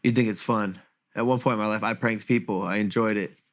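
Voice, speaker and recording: A young man in casual chat, telling an animated story and swearing freely as a guest. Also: lowish voice, a little fast.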